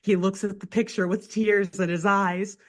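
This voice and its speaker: A woman co-hosting a podcast, retelling a cartoon episode in casual chat with animated storytelling and lots of filler words. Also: medium pitch, moderate pace. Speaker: podcast co-host.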